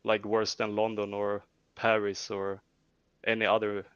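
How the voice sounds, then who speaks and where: A man with a Swedish accent talking in a casual voice-chat debate, halting and repeating words in a low-key way. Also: monotone, fairly bright tone, smooth, no echo. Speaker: debate participant. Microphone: headset or desk mic on voice chat. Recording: dull dry voice-chat audio.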